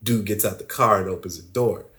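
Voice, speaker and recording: A man telling a story as a podcast guest, animated and loose, acting out the other people's voices and laughing often. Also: fairly low pitch, brisk. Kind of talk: casual storytelling.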